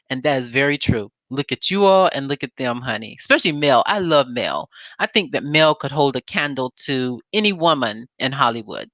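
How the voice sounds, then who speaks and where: This woman reviewer on YouTube has a bass voice, lively intonation, a brisk pace and a fairly bright tone, in a dry recording from her home green-screen setup. She casually recaps a TV episode, talking straight to her audience and straying onto side notes before getting back on track.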